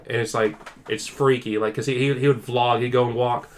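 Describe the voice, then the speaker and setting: A man's voice: medium pitch, steady tone, quick pace, few pauses, a little hiss or hum. A man co-hosting a podcast, telling a long story in casual chat, full of "like" fillers and acted-out quotes. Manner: rambling storyteller, heavy use of "like"; acts out quoted people with raised intensity. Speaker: podcast co-host.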